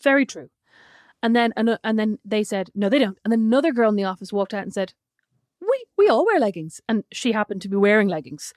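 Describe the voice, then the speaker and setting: Fast-talking chatty podcast woman. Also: mid-range voice, a little mellow, dry recording, clean studio sound. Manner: chatty storyteller, laughs often, swears casually. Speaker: podcast co-host. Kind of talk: casual chat.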